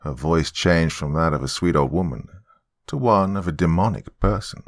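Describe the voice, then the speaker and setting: Very deep-voiced man narrating horror. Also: expressive, normal speed. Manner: dramatic first-person storytelling. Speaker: horror podcast host and narrator.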